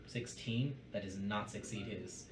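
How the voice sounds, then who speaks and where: A man's voice: lowish voice, a little slow, slight background noise. Man, game master, methodical, reads out damage numbers, distant mic, roomy echo. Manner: methodical, calls out dice rolls and damage numbers. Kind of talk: running a tabletop game. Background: music.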